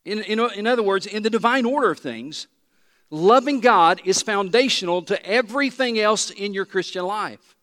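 A man preaches in a fairly high voice, slowing to drive home repeated phrases. His words ring out with the long reverb of a large church hall. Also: expressive, fairly bright tone. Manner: emphatic preaching, slows and repeats key phrases. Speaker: pastor. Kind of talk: sermon.

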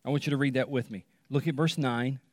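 A male pastor preaching a sermon, repeating phrases for emphasis and dropping to a hush on key words. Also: medium pitch, steady tone, no room sound, clean studio sound, long reverb tail. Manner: dramatic pauses, repetition, drops to a hush on key words.

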